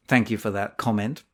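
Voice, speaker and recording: A man co-hosting a teaching podcast in casual, jokey banter, quick to laugh. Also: on the low side, fairly bright tone. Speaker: podcast co-host, English teacher.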